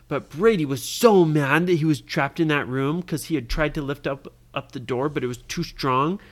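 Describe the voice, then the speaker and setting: A storyteller telling an improvised bedtime story, animated and often asking the listener what happened next. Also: mid-range voice, moderate pace. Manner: animated, keeps quizzing the listener.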